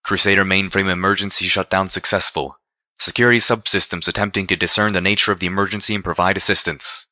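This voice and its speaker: A man's voice: low voice, steady tone, quick pace, pushed and bright, no echo, clean studio sound. A man voicing a dispassionate automated security system making announcements over speakers.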